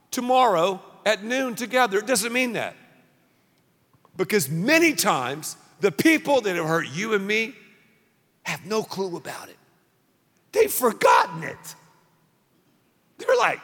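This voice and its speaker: Animated preacher man in a big hall. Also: sits high. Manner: animated, punchy preaching with call-and-response. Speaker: pastor. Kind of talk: sermon. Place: large church auditorium. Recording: long reverb of a large hall.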